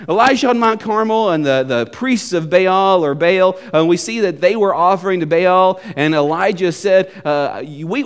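A man preaching a sermon, animated, and often repeating a short refrain. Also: high-pitched, smooth. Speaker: pastor.

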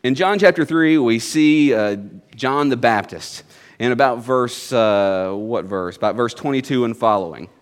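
A man's voice: mid-range voice, a little slow. A man preaching a sermon to his congregation in a folksy storytelling manner, with jokes and asides. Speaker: pastor.

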